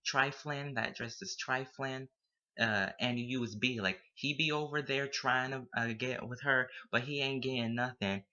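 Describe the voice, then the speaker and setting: Young man, student, very bright sharp voice, playful, casual monologue, dull lo-fi sound. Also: medium pitch, steady tone, moderate pace. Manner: playful, drops Spanish words into English. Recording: dull lo-fi recording.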